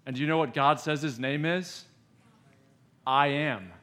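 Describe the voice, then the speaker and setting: A man preaching at a youth camp in an emphatic, questioning way. He speaks slowly and deliberately, with a somewhat high voice. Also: pushed and bright. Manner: emphatic, asks the audience questions.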